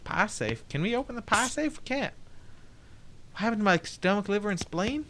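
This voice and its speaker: A man's voice: high voice, animated, moderate pace, a bit bright, slight background noise. A young man streaming a game, playfully commenting and reading dialogue aloud. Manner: playful, jokey, laughs often.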